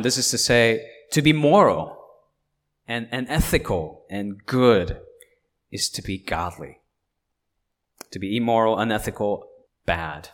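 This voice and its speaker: A man preaching a sermon as pastor, earnest and emphatic, with pauses and fillers between points. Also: lowish voice.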